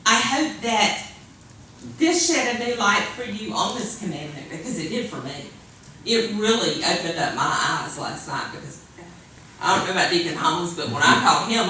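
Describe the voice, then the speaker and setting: A woman's voice: mid-range voice, bright, forceful tone. A woman preaching a sermon in an earnest, conversational way, often repeating her phrases. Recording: echoey room, far from mic, faint hiss.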